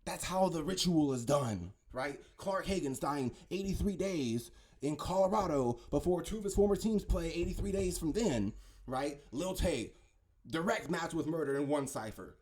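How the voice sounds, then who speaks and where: Speaking at a normal speed in a slightly high, animated, somewhat mellow voice, the conspiracy commentator rambles on casually. He's insistent, keeps fumbling his words, and constantly asks "right?" and "okay?".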